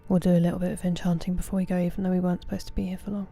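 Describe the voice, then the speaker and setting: A woman, casually chatting with viewers on a game stream, thanking them by name and sometimes dropping to soft murmurs. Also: lowish voice, flat delivery, racing, vocal fry, soft background music. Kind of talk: casual livestream chat.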